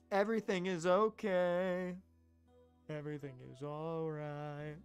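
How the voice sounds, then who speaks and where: A woman's voice: lowish voice, smooth. Woman voicing a stammering, timid young woman. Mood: relieved.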